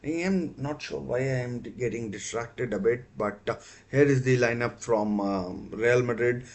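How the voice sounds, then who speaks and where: A man's voice: medium pitch, normal speed. A man hosting a live football watchalong stream, talking casually with many fillers and self-corrections.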